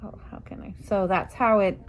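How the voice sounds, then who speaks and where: A woman's voice: mid-range voice, steady tone, normal speed. A woman explaining a sewing tool in casual chat, hesitant, with fillers. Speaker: sewing tutorial co-host.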